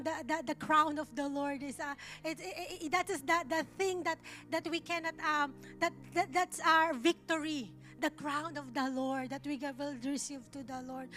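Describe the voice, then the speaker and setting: A woman giving an earnest, emotional testimony sermon in church, halting and restarting her words often. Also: sits high, a bit bright. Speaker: church minister.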